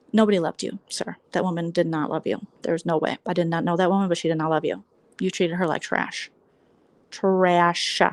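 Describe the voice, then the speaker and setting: A woman's voice: fairly low pitch, no room sound. A woman hosting a casual late-night livestream, giving sassy, blunt, mocking gossip commentary. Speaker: livestream host.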